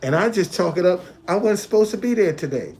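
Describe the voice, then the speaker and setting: A man's voice: high voice, expressive, a little fast, darkish tone, soft background music. A man talking casually on a livestream from a hotel, looping back and repeating his points. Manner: repetitive, loose conversational, restates points. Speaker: live streamer.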